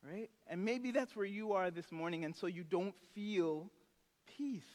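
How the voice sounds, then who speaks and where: A man's voice: high-pitched, a little slow, darkish tone, big-room sound. A male pastor preaching a sermon in a church, casual and conversational, now and then acting out characters from the story. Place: church sanctuary.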